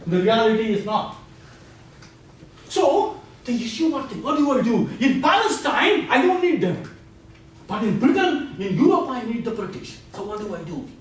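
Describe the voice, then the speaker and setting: Animated man quizzing a lecture class. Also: very high voice, normal speed. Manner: animated, quizzing students, laughing asides. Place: large echoey lecture room. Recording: echoey classroom from far off, faint hiss.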